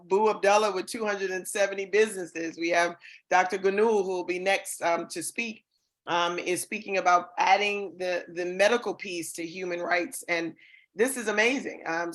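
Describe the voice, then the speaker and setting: A woman's voice: on the low side, fairly bright tone. A woman hosts an online awards show over a video call. She is enthusiastic and chatty. She leans on plenty of ums and uhs as she moves from guest to guest. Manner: enthusiastic, with many fillers. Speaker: host.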